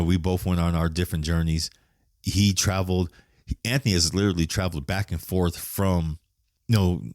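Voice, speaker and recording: A man's voice: deep voice, darkish tone, no echo, clean studio sound. A middle-aged man hosting a podcast, talking frankly and emotionally about his family and swearing often. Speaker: podcast host. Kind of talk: personal monologue.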